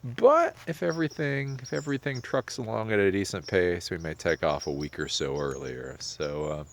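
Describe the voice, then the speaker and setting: Lower-voiced man musing in an outdoor vlog. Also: normal speed, vocal fry, a little hiss or hum. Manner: reflective and rambling, animated rises. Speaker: vlogger. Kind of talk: casual vlog monologue. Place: outdoors in winter, near a pond.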